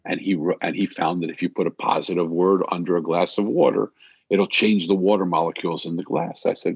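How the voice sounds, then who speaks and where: Older man, deep husky voice, reflective personal storytelling, close and dry, dull lo-fi sound. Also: fairly quick, no echo.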